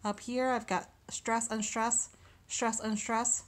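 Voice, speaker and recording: A woman teaching a recorded lesson, speaking slowly and deliberately and sounding out syllables one by one. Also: fairly high pitch, flat delivery.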